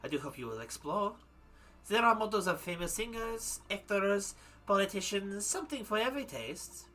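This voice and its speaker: Reading game dialogue aloud, a man plays a poised young waxwork artisan from a murder-mystery game, using a wobbly mock French accent that keeps drifting toward German. She speaks formally and measuredly with a bright, forceful edge, sometimes stumbling over her French words. The voice is a little high and expressive.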